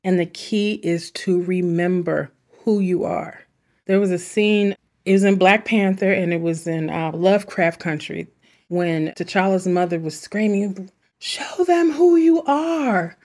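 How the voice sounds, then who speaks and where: A woman's voice: lowish voice, steady tone, unhurried, a little mellow. A woman hosting a self-help podcast, speaking in an earnest, chatty way with asides. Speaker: podcast host. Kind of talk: reflective self-help talk.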